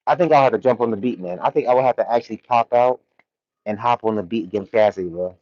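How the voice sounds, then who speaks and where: Hosting a casual livestream from a warehouse, a man reads chat and riffs in loose, laid-back slang with frequent laughs. His voice sits on the low side with a darkish tone, and he talks fast. The recording is muffled, with no echo.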